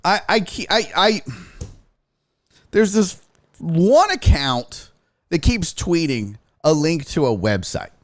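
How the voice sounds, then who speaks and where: A man's voice: on the high side, big pitch swings, slow, pauses often. A man hosting a sports stream, ranting in a profane, exasperated way and mocking others in sing-song asides. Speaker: sports show host. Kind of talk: live-streamed sports rant.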